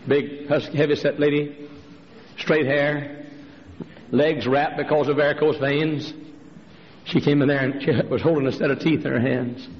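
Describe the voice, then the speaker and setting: A man's voice: fairly even intonation, unhurried, long pauses. A man preaching a fiery sermon in a large church, telling stories and acting out the voices of the people in them. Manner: fiery preacher, jumps to a high strained voice for quoted women. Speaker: pastor. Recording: dull, hall reverb, faint noise.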